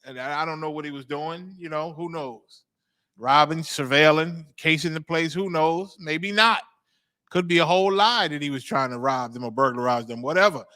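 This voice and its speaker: Emphatic, bright-toned male host. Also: fairly high pitch, normal speed. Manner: emphatic, repeats phrases and asks 'you understand?'. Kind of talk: preaching commentary.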